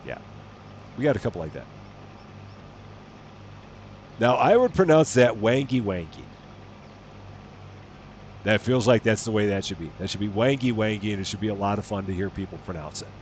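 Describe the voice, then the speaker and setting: Streaming a farming game, this man offers relaxed live commentary, playful and prone to thinking out loud. His lowish, darkish voice is animated and brisk with frequent pauses, and there's slight hiss or hum in the recording.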